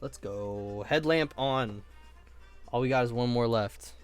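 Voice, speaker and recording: A man's voice: mid-range voice, measured pace, clear, resonant tone, soft background music. A man live streaming while building models, chatting casually in a playful, joking and often profane way.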